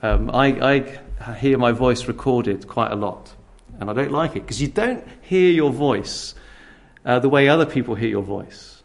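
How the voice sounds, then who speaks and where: A man's voice: medium pitch, measured pace, creaky. A man preaching a sermon in a conversational way, often restarting his sentences.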